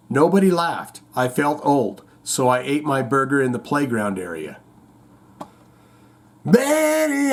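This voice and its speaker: A man hosting a show in casual chat, rambling, reading out viewer comments and telling corny jokes. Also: fairly high pitch. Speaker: host.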